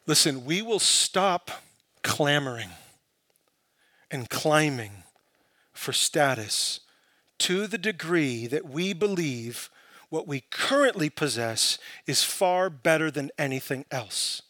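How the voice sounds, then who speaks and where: A man preaching a sermon, building from quiet, searching questions to impassioned, emphatic peaks. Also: a little high, expressive, slow, no echo. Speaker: pastor.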